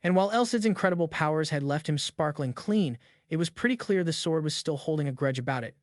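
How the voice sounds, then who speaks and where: A male narrator reading a comic recap in a brisk, even storytelling way. His voice is a bit high for a man. It sits right on the mic with no room sound at all. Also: dry recording, clean studio sound.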